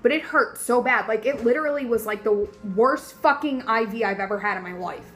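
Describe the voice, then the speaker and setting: A young woman telling a story casually in a vlog, animated and profane, full of fillers, sore after surgery. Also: on the high side, fairly quick, faint music behind, rough recording. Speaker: vlogger.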